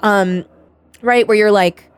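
Slow and smooth with a mid-range voice, a woman hosts a podcast and chats casually. She tells stories in an animated way, voicing the people she quotes and laughing a lot.

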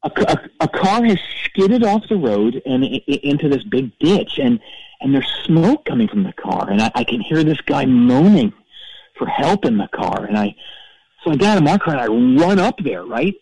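An actor playing a petty, self-righteous middle-aged rock-fan caller who rambles and stammers through a comedic call-in story. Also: male voice, medium pitch, big pitch swings, normal speed, a little mellow, slightly rough, dry recording, poor audio. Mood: storytelling.

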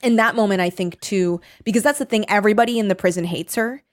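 A woman retelling a novel's plot in casual chat, animated, swearing and quoting the characters. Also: mid-range voice, fast talker. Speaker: podcast co-host discussing a novel.

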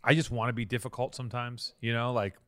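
A man's voice: mid-range voice, level tone, quick pace, a bit bright, dry recording. A man co-hosting a podcast, chatting casually in a rambling, profane way and mock-quoting people. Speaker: podcast co-host. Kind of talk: casual banter.

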